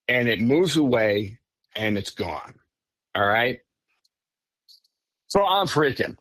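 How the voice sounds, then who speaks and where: A man telling his own story as a podcast guest in a casual, animated way, often breaking off and restarting. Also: medium pitch, slow, long pauses, no room sound. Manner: animated, self-interrupting, says "frickin'". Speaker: podcast guest recounting encounters.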